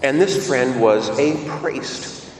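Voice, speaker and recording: A man preaching a sermon, telling a story in a lively way and asking his listeners questions. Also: mid-range voice, slow, slight background noise. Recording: echoey hall, mic at a distance, faint ambience.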